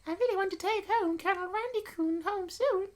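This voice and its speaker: A man voicing a flustered, apologetic teenage girl in a high, squeaky falsetto. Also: fairly quick.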